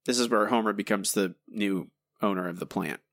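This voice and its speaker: A man co-hosting a casual podcast, animated and argumentative, often restarting his sentences. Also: lowish voice, fairly quick, dry recording, clean studio sound. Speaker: podcast co-host.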